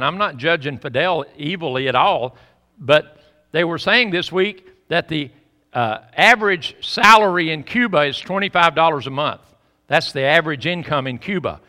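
Animated folksy preacher man in a reverberant hall. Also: high-pitched. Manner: animated, folksy and preachy, swinging from loud to hushed. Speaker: pastor. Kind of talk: sermon. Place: church sanctuary.

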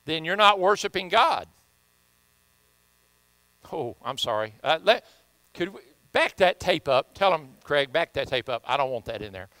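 A man's voice: on the high side, expressive, normal speed, bright, forceful tone, dry recording, rough recording. A man with a Southern US accent preaching a sermon as pastor, folksy and joking, often repeating himself.

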